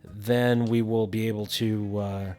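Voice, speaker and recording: A man's voice: on the low side, flat delivery, slow pace, a little mellow, faint music behind. A man casually narrating a building game tutorial, thinking aloud with frequent fillers.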